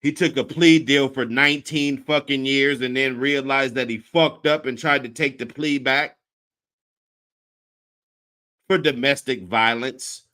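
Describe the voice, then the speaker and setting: A man hosting a reaction commentary, crude, profane and animated. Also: mid-range voice, moderate pace, few pauses. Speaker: host.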